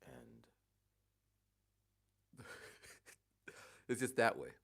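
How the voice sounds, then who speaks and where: A man in his forties chatting casually on a livestream, rambling and halting, thinking aloud with many restarts. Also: fairly low pitch, big pitch swings, gravelly. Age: 40s.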